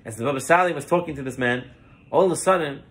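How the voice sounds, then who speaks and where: A man's voice: on the high side, quick pace, a bit bright, slightly rough. A man giving a Torah lesson as a rabbi, telling stories and mixing Hebrew terms into his English.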